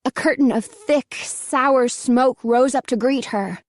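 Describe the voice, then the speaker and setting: A woman narrating an audiobook in a slow, measured reading. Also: sits high, a little mellow, no room sound, studio quality. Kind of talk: scripted narration.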